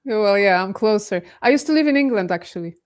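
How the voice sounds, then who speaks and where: A woman's voice: medium pitch, expressive, fast, smooth. A woman co-hosting a live stream in a light, easygoing way, reading viewer questions aloud. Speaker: co-host reading super chats. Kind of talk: casual live-stream chat.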